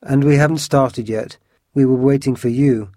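A man's voice: medium pitch, fairly even intonation, normal speed, dark tone, no echo, studio quality, natural voice. A man doing a bold, polite young swordsman. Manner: polite, eager.

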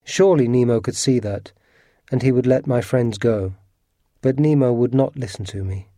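A man narrates a storybook in the first person, steady and earnest. His voice is mellow and the recording close and dry. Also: mid-range voice, normal speed, no room sound.

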